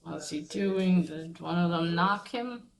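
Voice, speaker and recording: A woman's voice: lowish voice, takes it slowly, creaky. A woman giving a casual, rambling recap of a comic, with many fillers and restarts and the odd swear. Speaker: comic reviewer.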